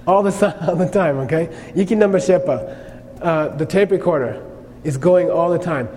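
A man's voice: fairly high pitch, normal speed, dark tone. A man giving a lecture on Buddhist teaching, speaking conversationally and often checking in with "okay?". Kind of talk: lecture on karma. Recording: long reverb, faint noise.

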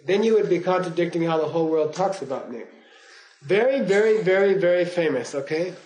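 A man's voice: sits high, animated, a little fast, a little mellow, low-quality recording. An older man teaching a class, telling digressive stories, chuckling and checking in with "okay?" and "you know?". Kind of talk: lecture to students.

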